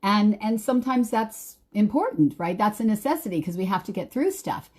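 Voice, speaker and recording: A woman's voice: mid-range voice, lively intonation. A middle-aged woman hosting a live-streamed wellness class, chatty and full of fillers and restarts. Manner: warm, chatty, greets viewers by name; unhurried with many fillers and restarts.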